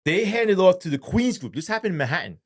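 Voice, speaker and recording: Profane storytelling man, casual and animated. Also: sits high, quick pace. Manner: profane, animated retelling with acted-out quotes. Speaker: interview guest, former police sergeant.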